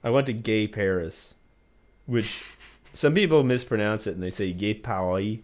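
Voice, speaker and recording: A man's voice: on the low side, expressive, moderate pace, a little mellow. Rambling, profane male podcast host. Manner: rambling, profane, jokey storytelling with many fillers. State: recovering from a virus. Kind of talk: casual chat.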